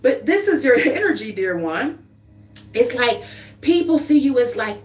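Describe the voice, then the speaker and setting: A tarot card reader on a livestream, this woman chats informally, often checking in with "okay?" and calling the listener "dear one." Her voice is a little high and very animated, somewhat slow, picked up by a slightly distant mic with a faint hum.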